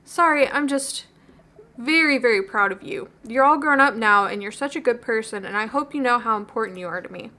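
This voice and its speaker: A woman's voice: a little high, a little fast, pushed and bright. A woman reading a dorky, earnest dad. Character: earnest, protective middle-aged dad.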